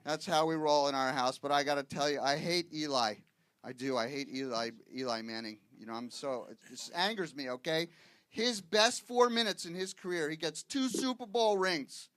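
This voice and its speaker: Here a guest comic from Boston works a live audience, his voice a little high and a bit bright, moving at normal speed with no room sound. He's punchy and full of wisecracks, often tossing out "okay, guys?" to check in with the crowd.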